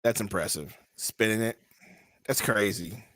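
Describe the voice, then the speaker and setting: A young man co-hosting a podcast, chatting casually and joking excitably while reacting to a live basketball game. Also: on the low side, unhurried, no echo. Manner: joking, excitable, trash-talking. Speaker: podcast co-host.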